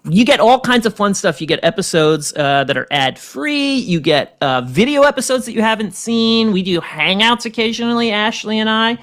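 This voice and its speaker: A man's voice: sits high, animated, normal speed, hardly any pauses, a bit bright. A man hosting a comedy podcast, joking and rambling in a self-mocking way. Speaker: podcast host. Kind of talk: casual comedic podcast chat.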